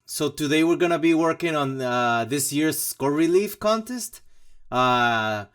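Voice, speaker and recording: A man's voice: on the high side, animated, unhurried, a bit bright, clear, resonant tone. A man hosting a casual walkthrough vlog about his own music, rambling and joking with many fillers and mock asides. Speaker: composer and channel host.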